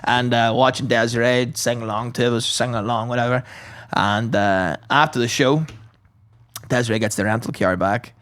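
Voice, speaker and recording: A man's voice: medium pitch, steady tone, moderate pace, fairly bright tone. A man, a podcast host telling a rambling anecdote in casual chat, full of swearing and impressions.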